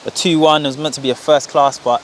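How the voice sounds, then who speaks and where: Fast-talking young London man. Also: a little high, a little hiss or hum. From England. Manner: animated storyteller, acts out quoted voices. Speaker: podcast guest. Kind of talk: casual interview chat.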